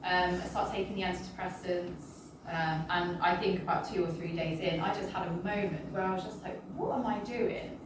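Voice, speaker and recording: A British woman telling her personal health story to an audience in a halting, emotional, apologetic way. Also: fairly low pitch, little pitch movement. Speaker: guest sharing a personal testimony. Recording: roomy, distant, with background noise.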